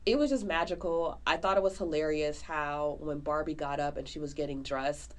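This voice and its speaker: A woman co-hosting a podcast, reviewing a movie in casual, animated chat full of slang. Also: low voice, normal speed. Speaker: podcast co-host.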